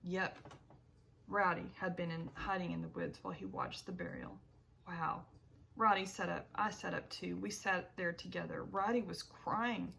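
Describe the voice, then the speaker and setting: A woman narrating an audiobook in the first person, with a measured reading and small self-corrections. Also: lowish voice, lively intonation, gravelly, pushed and bright, a little hiss or hum, low-quality recording.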